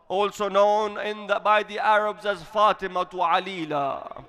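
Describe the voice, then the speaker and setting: A man's voice: high-pitched, slow, pushed and bright. A man delivering a mournful religious sermon, telling the story with impassioned storytelling that rises to cries. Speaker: religious speaker. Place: mosque hall.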